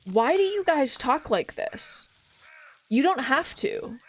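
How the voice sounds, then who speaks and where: A woman's voice: high-pitched, very animated, takes it slowly. A young woman streamer joking and chatting as she plays a story game, reading along and talking to the characters. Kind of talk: live gameplay commentary.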